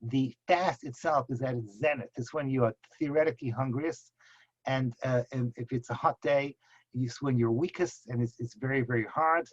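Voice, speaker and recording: A man's voice: medium pitch, normal speed, no room sound. Impassioned male rabbi, dull lo-fi audio. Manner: impassioned, with emphatic repetition. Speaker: rabbi teaching a class. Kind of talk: Torah lecture. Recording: husky voice, dull lo-fi sound.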